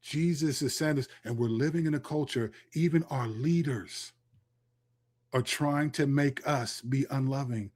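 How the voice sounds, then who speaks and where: A middle-aged man delivers an impassioned Christian commentary on his own channel. His voice sits at a medium pitch, and his tone is preachy and emphatic. He often restarts his sentences mid-thought as he reads scripture aloud. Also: measured pace, a little mellow.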